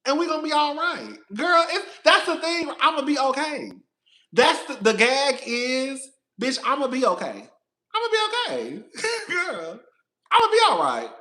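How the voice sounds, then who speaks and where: His pitch is extremely high and swings widely, and he speaks a little slowly in a bright, forceful tone. The man hosts a reality TV commentary channel's casual live stream, chatting directly to viewers in a sassy, profane, drawn-out manner.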